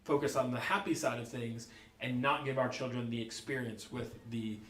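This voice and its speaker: A man's voice: medium pitch, fairly even intonation, normal speed, a bit bright, slight background noise. Earnest man in an echoey room. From United States. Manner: earnest, reflective explaining. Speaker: podcast co-host. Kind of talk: casual book club discussion.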